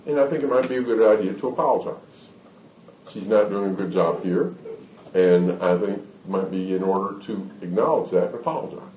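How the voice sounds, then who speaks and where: A man's voice: on the low side, animated, a little fast, a little mellow, muffled recording, a little hiss or hum. A man giving a talk to an audience on parenting in a folksy way, acting out little scenes to explain his points. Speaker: speaker on parenting. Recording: echoey hall, mic at a distance.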